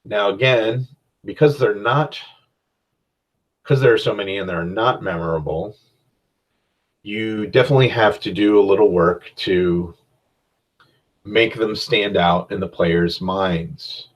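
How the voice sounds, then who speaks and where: Low-voiced man rambling podcast advice. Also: measured pace, pauses often. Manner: rambling, conversational advice with frequent restarts. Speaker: podcast host and game master. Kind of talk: casual solo podcast monologue.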